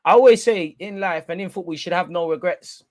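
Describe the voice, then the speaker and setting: A man's voice: high voice, fairly quick, no echo. Young guy on a watch-along stream, slangy, chatty, talks to chat, dry close mic. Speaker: live stream host. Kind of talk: casual football watch-along commentary.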